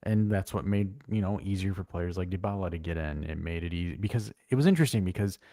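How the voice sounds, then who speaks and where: A man co-hosting a casual football live stream, blunt and animated, swearing freely as he tells stories. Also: low-pitched, fast talker, no echo, studio quality. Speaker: co-host.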